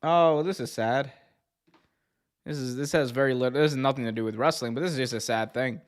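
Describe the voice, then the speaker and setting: A man's voice: mid-range voice, steady tone, rapid-fire. A man hosting a casual wrestling news podcast, rambling, joking and correcting himself as he goes. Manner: rambling, self-correcting, jokey. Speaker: podcast host.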